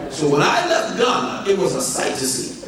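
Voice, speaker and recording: An American pastor preaches a sermon, animatedly telling a comic story and acting out the dialogue. His high voice swoops wildly in pitch at a moderate pace, captured from far off in an echoey hall with a crowd.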